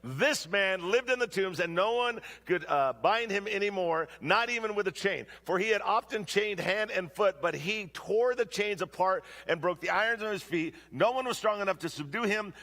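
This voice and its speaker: A middle-aged man preaching a sermon in a church, telling stories with humorous asides in an animated way. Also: sits high, normal speed, hardly any pauses. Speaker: guest preacher. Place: church sanctuary.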